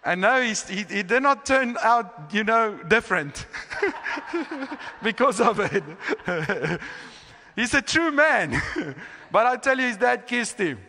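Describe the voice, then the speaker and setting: A man with a high, bright voice preaches a sermon on healing with earnest emphasis and frequent restarts. The sound rings with the long reverb of a church hall. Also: lively intonation, slow, long pauses. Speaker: healing school teacher. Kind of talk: sermon teaching. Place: church sanctuary.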